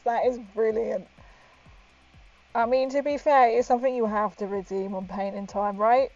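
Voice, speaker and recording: A woman paints miniatures on a live stream, chatting and giggling to her viewers while she works, her voice muffled by the helmet she's wearing. Her voice is on the high side, steady, a little mellow, and moderately paced, over dull lo-fi stream audio with faint music.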